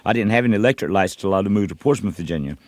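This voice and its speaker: A man's voice: on the low side, expressive, rapid-fire, no echo, studio quality. An older man from North Carolina, a musician guest in an interview, telling long stories in a rambling way with many restarts and "you know"s. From North Carolina, USA. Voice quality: short of breath.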